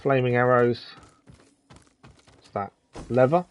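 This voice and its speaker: A man's voice: medium pitch, fairly even intonation, takes it slowly, lo-fi sound. A man hosting a live gaming stream, chatting casually with viewers and commenting on the game. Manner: chatty, friendly, reads chat aloud, says "to be fair" often.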